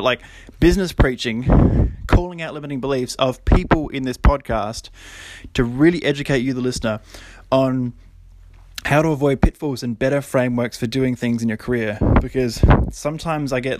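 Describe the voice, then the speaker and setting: A young man hosting a solo podcast, talking casually and then getting preachy and animated, with lots of fillers and quick laughs. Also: mid-range voice. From Australia. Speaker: podcast host.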